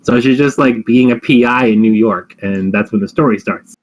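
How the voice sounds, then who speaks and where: A man's voice: mid-range voice, normal speed, poor audio. Rambling man in casual chat. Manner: rambling, hesitant, many ums and likes. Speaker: podcast co-host.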